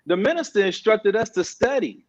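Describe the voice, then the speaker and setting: A man with a high voice tells stories in a panel discussion. He talks conversationally and acts out the voices of the people he quotes. The recording sounds dull and lo-fi. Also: animated, normal speed. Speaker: guest, social media organizer. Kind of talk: animated storytelling in a panel discussion.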